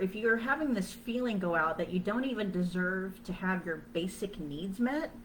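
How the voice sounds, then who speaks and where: A woman's voice: fairly low pitch, slight background noise, rough recording. A woman giving a casual self-help lesson to viewers, chatty and loose, full of "you know" and "like". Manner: acts out her own past thoughts in quoted asides. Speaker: spiritual self-help teacher. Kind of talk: casual teaching talk to viewers.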